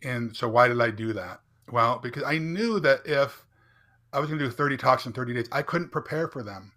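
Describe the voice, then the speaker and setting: Middle-aged male podcast guest with a bright, forceful voice, telling an earnest personal story in conversation. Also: mid-range voice, animated, brisk. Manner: earnest, emphatic, often asks "right?" to check in. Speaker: podcast guest, entrepreneur and speaker.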